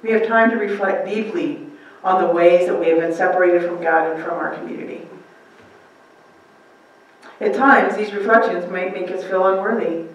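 A woman's voice: fairly low pitch, moderate pace, pauses often, very echoey, recorded from a distance, poor audio. A woman pastor preaching a conversational sermon, asking the room questions and acting out quotes. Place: church sanctuary.

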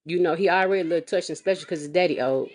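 A woman vlogging as a mother, telling a comedic, exasperated story with sassy, animated delivery and big swings in pitch. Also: very fast, breathy edge. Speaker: mother of a kindergartner. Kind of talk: comedic storytelling vlog rant. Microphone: phone or webcam vlog.

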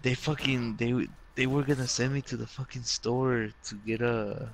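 A man's voice: mid-range voice, fairly even intonation, moderate pace, creaky, slight background noise, poor audio. A young man telling rambling childhood stories to friends in casual chat, full of swearing and fillers. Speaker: storyteller among friends.

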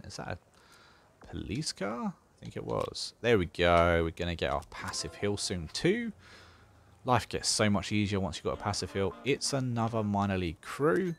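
A man's voice: low-pitched, vocal fry, a little hiss or hum. A man casually talking through a strategy game as he plays, thinking aloud with dry sarcasm. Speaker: gaming channel host. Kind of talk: casual gameplay commentary.

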